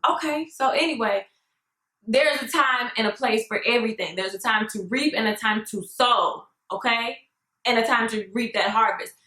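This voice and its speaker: A young woman telling a story on her vlog in a sassy, animated way, often calling her viewers "girl". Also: a little high, normal speed, echoey room, poor audio. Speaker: vlogger.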